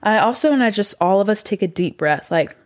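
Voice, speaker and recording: A woman's voice: mid-range voice, fairly quick. A young woman casually telling a long rambling story to her viewers, full of fillers and asides. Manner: chatty and rambling, lots of fillers, animated voices in quotes. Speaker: vlogger.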